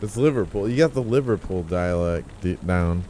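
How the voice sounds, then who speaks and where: A man streaming a game, chatting casually in a rambling, profane, excitable way. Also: deep voice, moderate pace, a little hiss or hum. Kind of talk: casual gaming stream chat.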